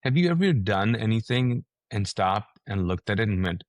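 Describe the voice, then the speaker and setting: Speaking as a guest, this man, a pastor and author, delivers lively, conversational preaching at a moderate pace with few pauses and no room sound. He brings plenty of energy, voicing quoted reactions as his pitch climbs.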